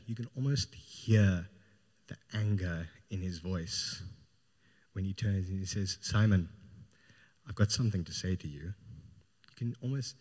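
A man's voice: sits low, darkish tone. A man preaching a sermon, retelling a Gospel story in an informal, storytelling way. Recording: long hall reverb.

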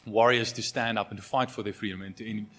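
A man's voice: fairly low pitch, fairly even intonation, quick pace, fairly bright tone. A man from Africa, preaching a sermon in a conversational way, full of fillers and restarts. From South Africa. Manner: conversational, many fillers and repeated starts. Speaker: pastor.

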